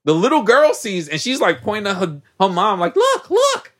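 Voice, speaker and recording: Male podcast host, casual slangy recap, higher-pitched and very expressive delivery. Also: brisk. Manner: animated, slangy storytelling.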